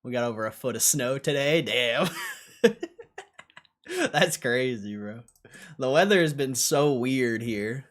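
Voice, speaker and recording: A young man talks on his livestream in a loose, offhand way, swearing as he reacts. He drifts between low mumbles and sudden loud outbursts. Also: slow pace, long pauses. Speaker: stock streamer. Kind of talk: casual livestream commentary.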